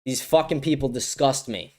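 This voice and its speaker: A man's voice: medium pitch, moderate pace, a little mellow. A man hosting a live-stream political commentary show, ranting angrily and swearing often. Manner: angry, profane ranting. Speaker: show host.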